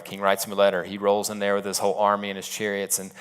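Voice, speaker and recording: A male pastor gives a relaxed sermon. He retells the story in a conversational way, with asides to the congregation. His voice sits on the low side. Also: fast talker, clear, resonant tone.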